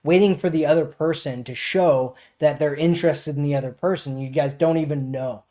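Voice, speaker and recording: A man's voice: on the high side, a little fast, dark tone. A man hosting a casual live stream as a dating coach, answering chat questions in a loose, filler-heavy way and often tagging on "right?".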